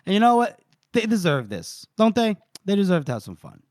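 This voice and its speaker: A man's voice: high-pitched, sing-song, a little fast, darkish tone, dry recording, studio quality. A man co-hosting a podcast, casually retelling a book chapter, dropping into brief character voices and laughing often. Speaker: podcast co-host. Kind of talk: casual book-club recap.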